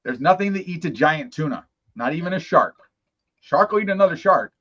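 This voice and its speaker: Loud joking guy arguing on a livestream, kinda muffled audio. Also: fairly high pitch, expressive, a little fast. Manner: boisterous, argumentative joking. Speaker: co-host. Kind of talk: casual chat.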